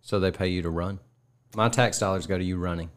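A man's voice: low voice, fairly even intonation, a little fast. A man co-hosting a podcast, ribbing his friend with dry humor in casual chat. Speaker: podcast co-host.

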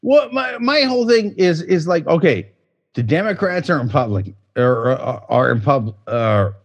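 A man's voice: fairly high pitch, very animated, measured pace. A man co-hosting a comedy podcast, drunk and slurring, cursing and stammering as he rambles through his points. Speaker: podcast co-host. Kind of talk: casual comedic podcast chat.

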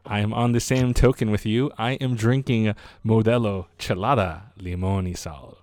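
A man's voice: fairly low pitch, steady tone, normal speed, a little mellow, no room sound. Upbeat podcast host man, dry mic. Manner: upbeat, filler-heavy host patter. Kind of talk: casual chat over beers.

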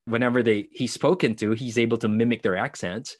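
In a conversational interview, a young Filipino actor speaks English with a Filipino accent in a medium-pitched, steady, somewhat dark voice at a slightly fast pace. He thinks aloud, expanding on his ideas and occasionally correcting himself. The recording is clean studio sound with no room echo.

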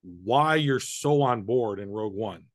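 A man's voice: lowish voice, expressive, unhurried, dry recording, studio quality. A man co-hosting a casual chat podcast, rambling through ideas with a lot of swearing and joking. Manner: rambling, swears, jokes about fan topics. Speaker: podcast co-host.

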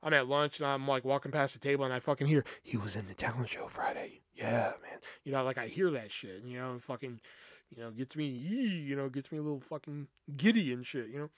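A young man hosting a podcast, telling a rambling, profane story with lots of fillers and animated energy. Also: medium pitch, fast, no echo, clean studio sound. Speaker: podcast host. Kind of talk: casual storytelling.

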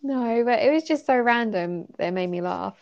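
A woman's voice: a little high, lively intonation, moderate pace, gravelly, darkish tone. A young woman co-hosting a podcast, chatting casually about a story she enjoyed, giggling often and leaning on fillers. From United Kingdom. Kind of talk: casual chat reviewing a story. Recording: slightly muffled lo-fi recording.

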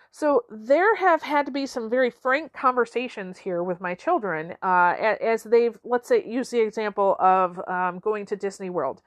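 A middle-aged woman with a fairly high voice talks through life advice in a loose, conversational coaching style. She keeps checking in with her listeners and laughs easily. Her voice is close and dry, with no room sound around it. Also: fairly bright tone, dry recording. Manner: conversational, frequent "okay?" and "right?" asides; laughs often. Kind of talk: motivational talk.

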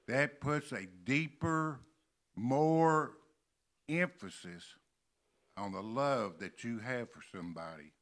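An older man from Kentucky preaching a sermon in a church, slowly stressing and repeating key words. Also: mid-range voice, expressive, a bit bright. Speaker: pastor. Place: church sanctuary.

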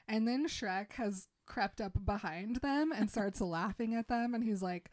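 A young adult woman co-hosting a casual chat, retelling events in a relaxed way with many fillers and giggles. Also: medium pitch, slow. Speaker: podcast co-host.

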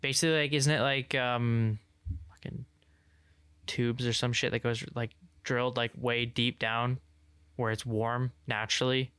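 A young man co-hosting a casual podcast, rambling with lots of "like" and restarts while explaining things he's excited about. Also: medium pitch, unhurried, clear, resonant tone, no echo. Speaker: podcast co-host. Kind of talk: casual chat.

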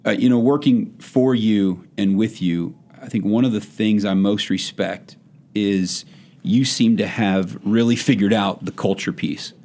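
A man's voice: lowish voice, unhurried, mellow. A man hosting a podcast, asking thoughtful questions in a folksy, conversational way. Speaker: podcast host. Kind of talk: podcast interview.

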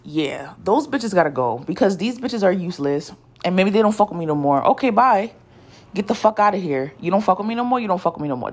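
A woman who gives spiritual readings, ranting bluntly to her followers and swearing constantly. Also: mid-range voice. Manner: blunt, profane and emphatic. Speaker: spiritual content creator and card reader. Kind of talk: unscripted rant to followers.

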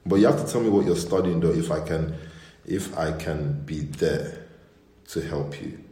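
Young male pastor, deep voice, lively storyteller doing impressions, casual livestream, roomy echo. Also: normal speed. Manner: animated storytelling with mimicked voices. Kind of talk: casual online livestream chat. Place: indoors at home.

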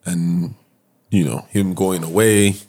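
A man's voice: deep voice, steady tone, slow pace, a little mellow. A man co-hosting a podcast in casual chat, mostly listening with short replies and asking thoughtful questions. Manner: laid-back listener, short backchannels and probing questions. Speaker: podcast co-host.

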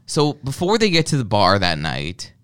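A young man, telling a crude story in an animated, profane, joking way. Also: on the low side, normal speed, clean tone. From Canada. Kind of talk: casual crude storytelling chat.

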